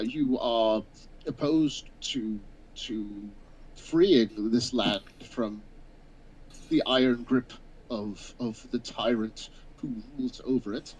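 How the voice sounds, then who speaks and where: A man's voice: medium pitch, darkish tone, breathy edge, rough recording. A man voicing a formal, wordy adventurer who halts and restarts as he speaks. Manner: hesitant, halting, full of restarts. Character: wordy, formal male adventurer making a stiff threat.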